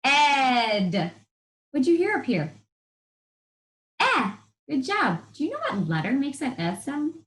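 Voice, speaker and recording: A woman teaching young children, taking her time and stretching each sound out with steady encouragement. Her voice sits a little high and carries a roomy echo. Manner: upbeat, encouraging, drawn-out sounds. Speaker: first-grade reading teacher. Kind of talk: broadcast classroom lesson to children.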